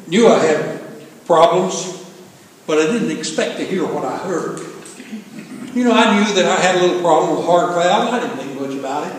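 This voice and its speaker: An older man preaching a sermon in a folksy, humorous storytelling way. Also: high-pitched. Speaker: pastor. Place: church sanctuary. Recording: echoey hall from far off, faint hiss.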